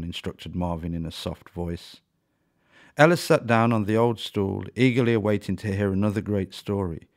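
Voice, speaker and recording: A man narrating a children's story in a calm, clear manner. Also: sits low, moderate pace.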